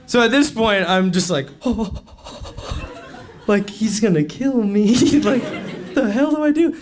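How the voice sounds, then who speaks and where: A young man telling a comic story on stage at a live event, animated, laughing often and filling his talk with "like". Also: sits high, slow, a faint crowd. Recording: noisy live event recording.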